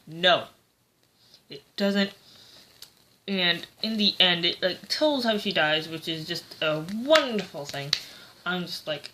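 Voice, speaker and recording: Woman, casual book review vlog, slow hesitant rambling, bright tone. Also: fairly low pitch, animated. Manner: rambling, hesitant, lots of fillers.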